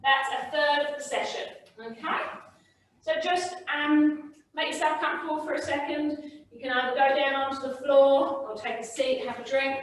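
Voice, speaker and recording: Woman fitness instructor coaching a class, bit high voice, keeps asking okay?, super echoey room, kinda far off the mic. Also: level tone, moderate pace, slight background noise. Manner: coaching, frequently checks in with "okay?". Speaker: exercise instructor. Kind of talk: online exercise class instruction.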